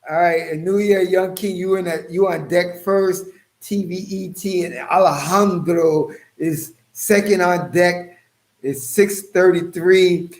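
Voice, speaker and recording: A man's voice: sits high, unhurried, darkish tone. A man hosting a casual livestream, joking and calling out viewers by name. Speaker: livestream host.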